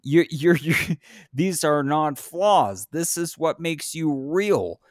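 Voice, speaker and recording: A man in casual chat who talks in a profane, animated way and gets louder and higher when he is worked up. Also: slow, no echo, studio quality. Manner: profane, animated, rises in pitch when impassioned.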